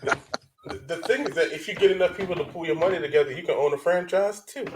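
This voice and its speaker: Animated guy on a reaction show, cusses a lot, kinda high-pitched. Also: fast talker, noisy background. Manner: animated, swears a lot, acts out quoted voices. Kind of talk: casual reaction commentary.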